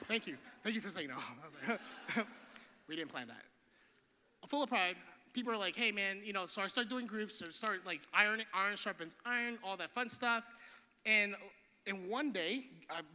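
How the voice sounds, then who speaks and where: A man's voice: high voice, moderate pace, pushed and bright, big-room sound. A man preaching a sermon from a church stage, casual and slangy, with many restarts. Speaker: pastor.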